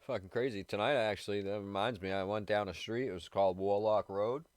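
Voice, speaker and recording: A man rambling casually on a live radio show, swearing constantly, laughing often and sounding high. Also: fairly even intonation, brisk, dry recording.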